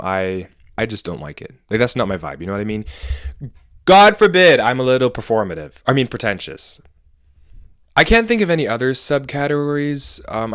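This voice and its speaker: Guy rambling about fashion trends to his camera, opinionated, low voice, dry close sound. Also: fairly bright tone, clean tone, no room sound. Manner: chatty, opinionated, rambling with self-corrections and laughs. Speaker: fashion vlogger. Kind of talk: casual talking-head vlog.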